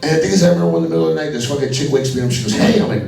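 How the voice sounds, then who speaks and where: A man's voice: mid-range voice, animated, very fast, vocal fry. A man from Alabama doing a crude, profane stand-up comedy set on a club stage. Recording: echoey club from a distance with crowd laughter.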